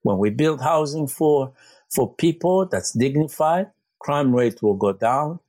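A man's voice: a little high, lively intonation, a little mellow, no echo. Earnest man with a very dry sound. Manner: earnest, halting with many fillers and restarts. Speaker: community organizer. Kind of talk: interview answer. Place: Vancouver.

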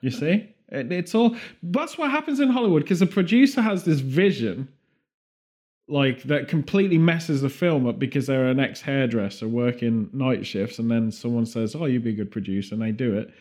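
A man co-hosting a podcast, rambling through absurd comic theories in a deadpan way. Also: mid-range voice. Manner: rambling deadpan absurd riffs, quick bursts of put-on voices. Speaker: podcast co-host. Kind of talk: comedic podcast banter.

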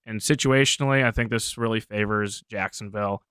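Crisp-voiced male betting analyst. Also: on the low side, fairly quick, dry recording. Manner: steady, informed, methodical. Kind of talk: studio sports analysis.

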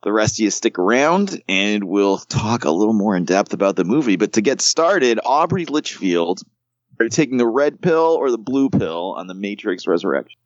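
A man hosts a casual movie-review podcast, joking and swearing his way through rants. His pitch is lively and jumps around. The sound is dry and somewhat dull. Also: normal speed, dry recording. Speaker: podcast host.

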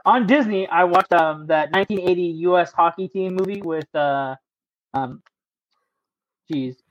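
High-voiced rambling male podcast host. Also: unhurried, dry recording, dull audio. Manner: rambling, swears freely. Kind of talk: casual chat.

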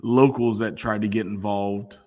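A man's voice: lowish voice, steady tone, a little slow, warm tone, in a large hall. A man co-hosting a podcast who rambles through stories, jokes and pokes fun at himself. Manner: rambling, joking, self-deprecating. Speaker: podcast co-host. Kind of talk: casual banter.

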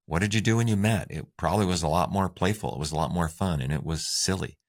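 A man's voice: low voice, fast talker. A man co-hosting a relationship advice talk show, upbeat and conversational as he shares tips. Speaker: co-host.

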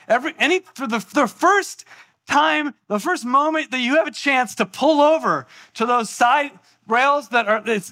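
A man pastor preaching a sermon, telling a personal story in an animated way and acting out the voices in it. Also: very high voice.

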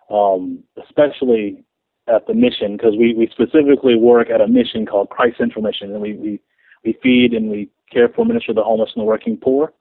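A man, a guest minister, telling a story over the phone in an animated way, repeating his words and laughing as he goes. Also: a little high, gravelly, no echo. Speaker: podcast guest, street minister. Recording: tinny phone line.

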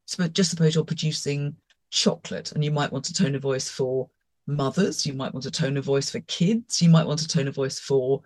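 A woman co-hosting a podcast in casual chat, talking emphatically in quick, confident bursts. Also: low-pitched, a little mellow, dry recording. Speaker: podcast co-host.

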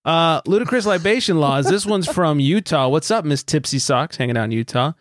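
A man's voice: a little high, expressive, fairly quick, no echo. Casual joking man, dry close sound. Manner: loose, joking, swears freely. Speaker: podcast host. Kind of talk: casual beer podcast chat.

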